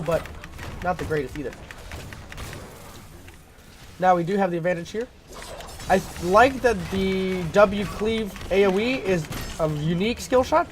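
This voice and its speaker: A man commentating his own gameplay in a casual, rambling way, full of fillers and throat-clearing because he is sick. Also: sits high, a little hiss or hum. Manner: rambling, filler-heavy, thinking aloud.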